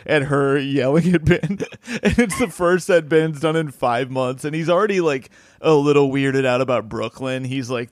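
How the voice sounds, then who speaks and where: A man's voice: mid-range voice, normal speed, no echo, studio quality. A man who is a stand-up comedian, telling a rambling anecdote in casual podcast chat and acting out what people said.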